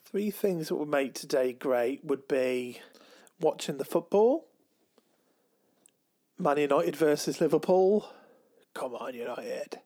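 Slow, hesitant man chatting. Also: a little high, mellow. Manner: slow, hesitant, many ums and restarts. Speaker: podcast co-host. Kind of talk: casual chat.

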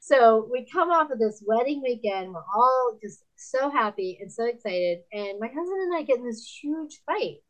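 A woman in her fifties, a podcast guest and author, telling candid stories in a lively way, laughing often and acting out other people's lines in a higher voice. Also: moderate pace, hardly any pauses, poor audio. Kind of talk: candid conversational storytelling.

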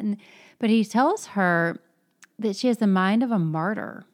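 A woman in a casual book discussion, retelling scenes in a lively, chatty way. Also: mid-range voice, moderate pace.

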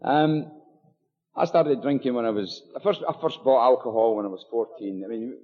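A man's voice: mid-range voice, moderate pace. A Scottish man from near Glasgow, older, telling his recovery story at a meeting in a chatty, joking way with many fillers and asides. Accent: Scottish, Glasgow area. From Scotland. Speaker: AA meeting speaker. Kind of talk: personal recovery talk at a meeting. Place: meeting hall with audience. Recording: dull live recording in a long-echo hall.

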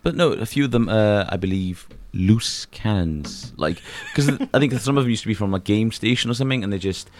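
A man chatting as a podcast co-host, rambling and halting, swearing as he tells a story. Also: lowish voice, expressive, faint music behind. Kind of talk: casual chat.

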